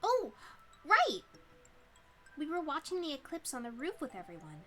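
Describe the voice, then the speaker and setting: Woman playing a bubbly high-voiced schoolgirl. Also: huge pitch swings, moderate pace, pushed and bright, soft background music, exaggerated voice. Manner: bubbly, panicky outbursts. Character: excitable cheerful teenage girl student. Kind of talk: reading a visual novel aloud.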